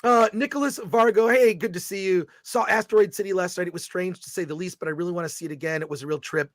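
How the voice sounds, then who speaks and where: A middle-aged man hosting a casual livestream chat, excitably reading viewer comments aloud. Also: sits high, fast talker, dry recording. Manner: excitable, reads viewer super chats aloud. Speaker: host.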